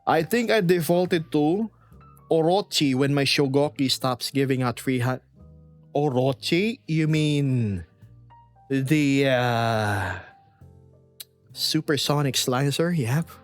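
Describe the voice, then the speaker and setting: This American VRChat streamer speaks at a medium pitch and a slow pace while faint music plays behind him. He rambles playfully in casual livestream chat and reads messages from chat out loud.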